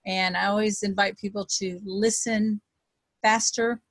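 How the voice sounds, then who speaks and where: A woman with a Texas accent, a self-described fast talker, teaching an online group in a chatty way with many ums. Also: medium pitch, little pitch movement, dry recording. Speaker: wealth coach leading an online group. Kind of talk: casual webinar teaching.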